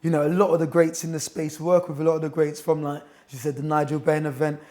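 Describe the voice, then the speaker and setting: A man's voice: fairly high pitch, level tone, fast talker, a little mellow. A man in his thirties, a boxing coach and author, telling stories as a chatty, enthusiastic guest in a gym. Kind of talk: casual interview chat.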